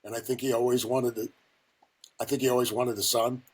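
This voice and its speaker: Older Ohio man, husky, casual profane storyteller, full of fillers. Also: medium pitch, little pitch movement, a little fast. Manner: rambling, profane, many fillers. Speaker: guest.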